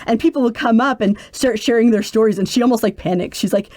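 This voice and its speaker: Fast and a little high, a woman in her forties recounts stories in a podcast interview, earnestly acting out the quotes. She is a military caregiver, and the recording has no echo.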